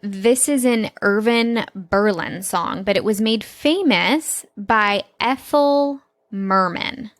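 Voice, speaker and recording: A woman's voice: mid-range voice, slow, dry recording. A woman co-hosting a podcast in casual chat, upbeat and eager to share fun facts. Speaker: podcast co-host.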